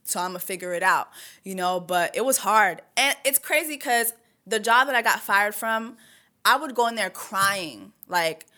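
A young woman from the United States recounts her past with frank, easy candor. Her voice sits at a middle pitch with a bright, forceful edge. She drops slangy asides as she talks. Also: expressive, moderate pace. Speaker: guest. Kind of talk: candid conversational storytelling.

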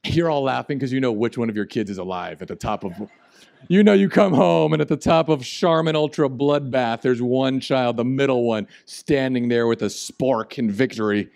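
A man preaching a sermon as pastor, animated and jokey, swinging between loud and quiet. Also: medium pitch, normal speed, gravelly. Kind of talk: humorous sermon.

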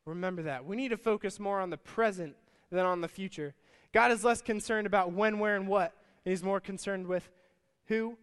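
A man preaching a sermon in a lively conversational way, calling his listeners guys, at a church service. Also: high-pitched, clean tone. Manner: energetic, conversational, addresses crowd as guys. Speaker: pastor. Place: church service with stage and band. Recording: long church hall reverb.

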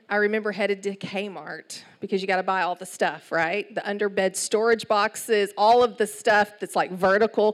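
A middle-aged woman with an East Texas accent, preaching a sermon in an animated storytelling way with asides. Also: medium pitch. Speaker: church speaker.

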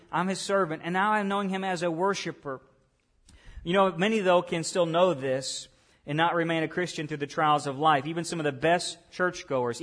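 A man preaching a sermon, asking the room questions and rising loud on key points. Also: a little high. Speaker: pastor.

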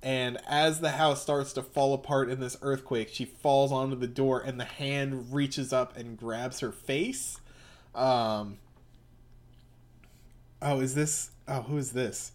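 A man's voice: medium pitch, fairly even intonation, takes it slowly. A man reading through a comic aloud in casual, bemused chat. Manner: bemused, rambling.

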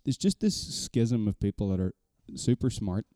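A man's voice: lowish voice, very animated, normal speed, warm tone, no room sound, studio quality. A man co-hosting a casual podcast chat, rambling and self-deprecating, swearing casually. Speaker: podcast co-host.

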